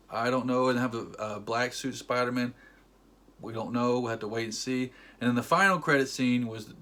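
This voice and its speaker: Young man, sarcastic movie-review rant, acts out lines in passing, mid-pitched voice. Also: bright, forceful tone. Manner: sarcastic, retells scenes in quick mimicked quotes. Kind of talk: casual rant.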